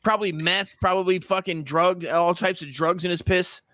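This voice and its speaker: High bright profane male co-host. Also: fairly even intonation, normal speed, no room sound, studio quality. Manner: profane, ranting, joking. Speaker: podcast co-host. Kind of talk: crude comedic casual chat.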